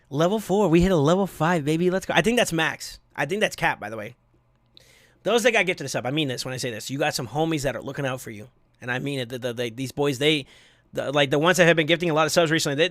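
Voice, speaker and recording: A man streaming live, casually chatting and thanking viewers, excitable with sudden yells, his voice going hoarse from yelling. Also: a little high, no echo, clean studio sound.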